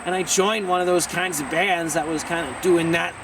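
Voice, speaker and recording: A young man from Ontario, Canada, answering fan questions in a casual vlog. He talks loudly and excitably, often shouting and swearing casually. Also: a little high, moderate pace. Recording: distant mic with street noise.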